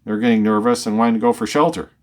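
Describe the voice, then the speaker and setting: A man with a mid-range voice speaks at a quick pace as a Bible teacher working through scripture verse by verse. He reads each verse with lifted emphasis, then explains it conversationally, often repeating words as he thinks aloud.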